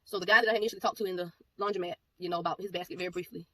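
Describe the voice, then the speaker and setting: A woman giving a personal testimony, telling the story in a rapid, animated way and acting out the back-and-forth of the exchange. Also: fairly low pitch. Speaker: ministry speaker giving a testimony. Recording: voice a bit far from mic, faint background noise.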